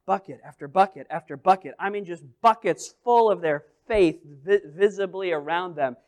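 A man preaching a sermon, telling a story in an animated way, dropping to near quiet and then rising loud as he acts out the scenes. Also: high-pitched, moderate pace. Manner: animated storytelling with big swings in volume; acts out scenes and quotes with playful voices. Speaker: pastor.

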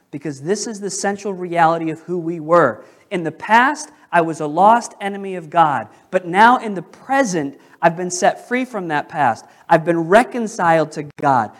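A male pastor preaching a sermon in a church, questioning the congregation and slowing down to stress key phrases. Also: high-pitched, animated. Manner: emphatic, slows down on key phrases. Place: church sanctuary.

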